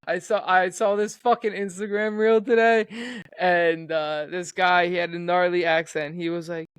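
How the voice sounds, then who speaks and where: A man's voice: sits high, little pitch movement, moderate pace, clean tone, no echo. A young man co-hosting a podcast, chatting casually in a laid-back, profane way. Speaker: podcast co-host. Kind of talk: casual chat.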